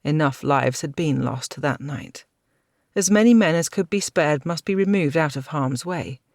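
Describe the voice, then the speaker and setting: A woman narrating a fantasy audiobook with a steady, dramatic reading. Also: sits low, no echo, clean studio sound.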